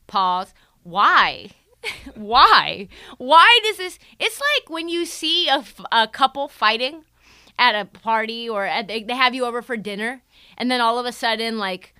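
Animated, sarcastic woman sports commentator. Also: on the high side, moderate pace, clear, resonant tone, no room sound, clean studio sound. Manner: sarcastic, profane, acts out quotes.

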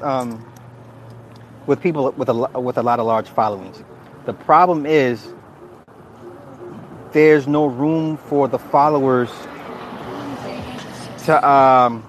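A man giving casual livestream commentary, animated and laughing often, swearing freely and restarting his sentences. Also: fairly high pitch, a little slow, pauses often, slight background noise. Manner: frequent restarts and repeated words. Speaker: streamer reacting to viewer comments.

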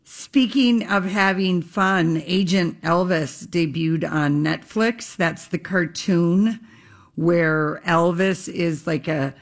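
Woman radio host, fairly low voice, upbeat celebrity chatter. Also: slow pace. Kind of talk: casual chat.

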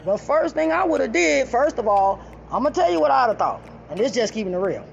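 Loud, blunt woman with a gravelly voice. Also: fairly high pitch, sing-song, brisk, a little hiss or hum. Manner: loud, blunt and profane, laughing often. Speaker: storyteller addressing an audience. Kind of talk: casual storytelling. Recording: dull lo-fi recording.

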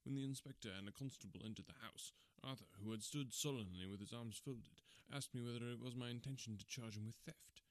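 A man reading a classic detective story aloud in a measured, formal storytelling manner. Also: mid-range voice, no room sound. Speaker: audiobook narrator.

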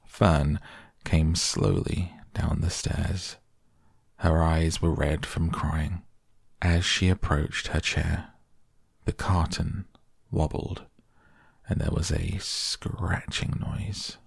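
A man hosting a sleep podcast, reading bedtime stories in a soft, slow, soothing way. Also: extremely low pitch, level tone, creaky, slightly rough, no echo, clean studio sound. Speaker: podcast host and audiobook reader. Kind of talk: softly spoken bedtime story reading.

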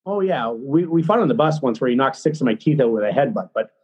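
A middle-aged man, a former hockey player, telling a story as a podcast guest in a blunt, excitable, profane way. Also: mid-range voice, fast talker, husky, poor audio. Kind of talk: casual storytelling.

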